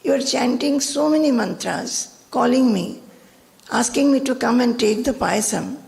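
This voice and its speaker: A woman voicing a sweet, soft-spoken little divine boy with a lisp. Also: fairly high pitch, lively intonation, a little slow, creaky, in a large hall, voice pushed up, full character voice. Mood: pleading.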